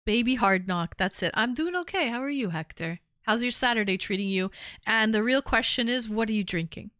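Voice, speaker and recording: A woman hosts a call-in stream with upbeat, teasing banter. Her voice sits fairly high. The sound is dry and close, with no room around it. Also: expressive, brisk, fairly bright tone, smooth, dry recording. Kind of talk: casual live-stream chat.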